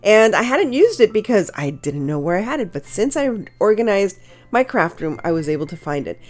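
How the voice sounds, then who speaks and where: A woman's voice: medium pitch, very animated, fairly quick. A woman hosting a home crafting tutorial, narrating her project in a cheerful, gushing, chatty way with small fillers. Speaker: crafting channel host.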